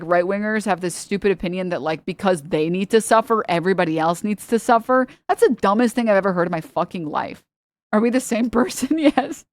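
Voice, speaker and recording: A woman's voice: medium pitch, dry recording. Blunt, profane woman streamer. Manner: blunt, profane and opinionated, laughs often. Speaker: livestreamer. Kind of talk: casual livestream chat with viewers.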